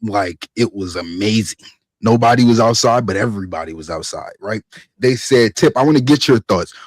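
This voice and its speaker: A man hosting a podcast, ranting in a profane, animated way that climbs to near-shouting. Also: fairly low pitch, moderate pace, no echo. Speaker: podcast host.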